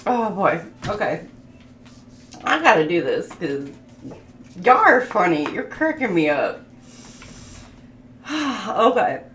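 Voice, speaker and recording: Speaking slowly and leaving long pauses, a woman with a medium-pitched, fairly bright voice gives a casual tarot reading. She's very animated and talkative, laughing often while listing keywords for the cards. The room sounds spacious, with slight background noise.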